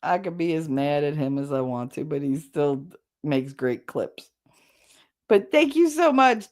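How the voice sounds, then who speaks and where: A woman's voice: deep voice, expressive, normal speed. A woman hosting a livestream, talking casually and candidly with her chat, rambling and swearing now and then. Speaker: livestream host.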